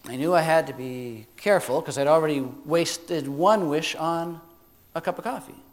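A man's voice: fairly high pitch, moderate pace. A man, a Methodist minister, telling a wry, self-deprecating story in a sermon.

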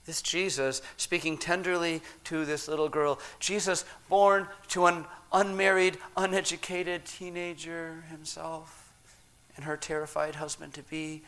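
A man preaching a sermon as pastor, measured and deliberate, with long pauses, dropping soft and then rising loud. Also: a little high, level tone.

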